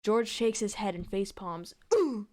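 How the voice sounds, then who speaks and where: A woman's voice: medium pitch, lively intonation, unhurried, darkish tone. A woman streamer reading fan fiction aloud on stream, stumbling over words and laughing often.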